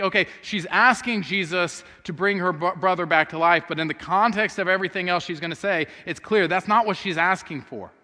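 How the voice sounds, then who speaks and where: High-sitting, pushed and bright, a man's voice fills a church sanctuary as he preaches as pastor. He tells a story earnestly and quotes the sisters' words aloud, and the recording carries a long hall reverb.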